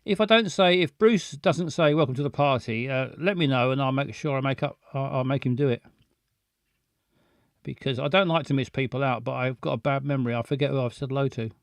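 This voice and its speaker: A man's voice: mid-range voice, a little fast, dry recording, clean studio sound. A man hosting a live stream in casual chat, rambling along and greeting viewers by name.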